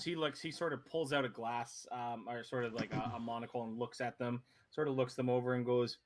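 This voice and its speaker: A man's voice: medium pitch, fairly bright tone. A man narrating as game master in a casual, hesitant way with many fillers.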